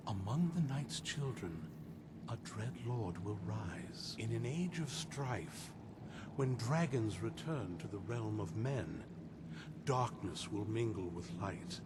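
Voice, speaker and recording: An actor playing an old male scholar priest in a video game, speaking in a measured, formal and grave way. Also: fairly low pitch, animated. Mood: solemn. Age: older. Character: old male scholar priest reading ancient scroll, solemn. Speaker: game character. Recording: game audio over loud noise.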